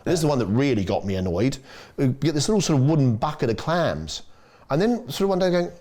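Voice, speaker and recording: Animated Australian man telling stories. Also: fast. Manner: animated storyteller, acts out quotes with big pitch jumps. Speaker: chef guest. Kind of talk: casual podcast chat.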